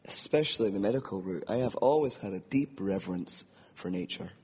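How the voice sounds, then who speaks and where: A man's voice: low voice, lively intonation, a little fast, a little mellow, husky. A man preaching from a podium, giving an earnest and reflective personal testimony and acting out the inner voices in his story. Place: hall with podium. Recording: long hall reverb, dull lo-fi.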